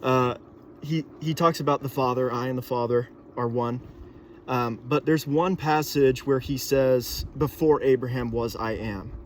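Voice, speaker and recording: A young man thinking aloud in a casual monologue, pausing with fillers and restarting sentences often. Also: mid-range voice, steady tone, slight background noise.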